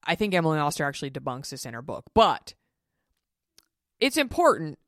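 On her solo podcast, a woman in her thirties chats frankly and swears freely, imitating what other people said. Her low voice has a sing-song lilt, moves fairly quickly and sounds fairly bright. The studio recording is clean, with no room sound.

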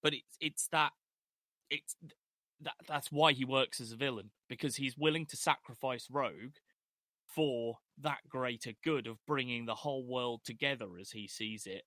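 A man's voice: medium pitch, normal speed, sharp tone, no room sound, studio quality. A middle-aged man co-hosting a casual film discussion podcast, chatty with hesitant restarts. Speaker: podcast co-host.

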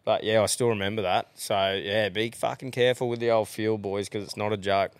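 A man's voice: fairly low pitch, fairly even intonation, brisk, clear, resonant tone, dry recording. A man with an Australian accent hosting a casual podcast chat, blokey and swearing freely. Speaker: podcast host.

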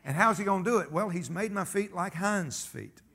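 A man's voice: high-pitched, moderate pace, fairly bright tone, slightly rough. A man preaching a sermon, folksy and emphatic, telling stories and calling for amens. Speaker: pastor.

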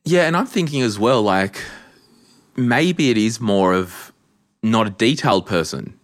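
A man hosting a podcast, talking in a relaxed, reflective and jokey way. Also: on the low side, a little slow, no room sound, studio quality. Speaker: podcast host. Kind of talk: casual podcast conversation.

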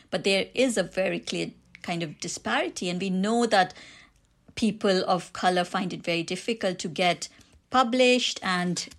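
A woman with an Indian accent, an author answering interview questions about her book, reflective and quick to laugh. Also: medium pitch. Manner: reflective, laughs easily, frequent restarts.

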